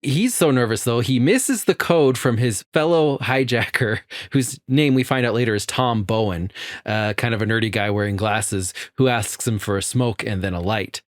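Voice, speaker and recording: A man's voice: mid-range voice, normal speed, no echo, clean studio sound. A man co-hosting a film podcast, explaining a theory in casual chat and laughing often. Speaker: podcast co-host.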